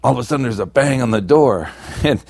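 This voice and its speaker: A man, a comedian, telling stories in a casual chat, swearing and jumping into high voices for bits. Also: lively intonation, brisk, darkish tone, no room sound. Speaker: comedian guest.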